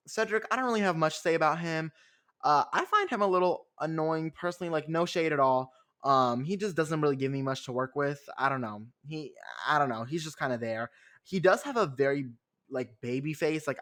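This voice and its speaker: This young man hosts a podcast and recaps a reality show on his own, chatty and sarcastic and full of filler words. His voice is medium in pitch with a fairly bright tone.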